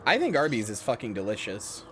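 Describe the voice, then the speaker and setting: A man's voice: lowish voice, huge pitch swings, fairly quick, fairly bright tone, slight background noise. A man chatting casually to his live-stream viewers while he plays a game, rambling, swearing freely and laughing at himself.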